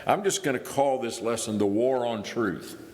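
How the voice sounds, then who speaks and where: A middle-aged man from Indiana delivers a guest sermon in a church hall, his voice medium-pitched, darkish, and at a normal speed. He talks it through conversationally, thinking aloud with small restarts, and the hall around him is reverberant.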